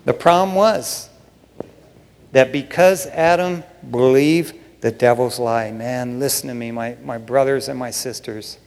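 A man pastor giving a casual sermon, dropping to a hush for emphasis and rising when he acts out voices from Bible stories. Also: medium pitch, a little slow, creaky, big-room sound. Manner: swings between hushed emphasis and raised excitement.

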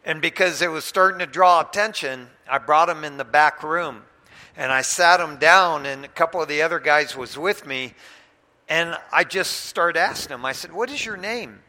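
A man preaching in a church sanctuary, his voice sharp and forceful and pitched a little high. He tells his story with animated delivery, swinging between loud bursts and hushed moments. A long reverb trails each phrase. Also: normal speed. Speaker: pastor. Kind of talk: sermon with personal storytelling.

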